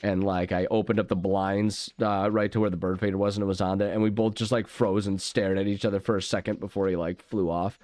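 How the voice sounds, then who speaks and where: A man's voice: fairly low pitch, little pitch movement, a little fast, hardly any pauses, a little mellow, no room sound, studio quality. A man hosting a casual gaming video, rambling and goofy as he plays and interrupts himself often. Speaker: gaming channel host. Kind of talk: casual let's play commentary. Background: game music.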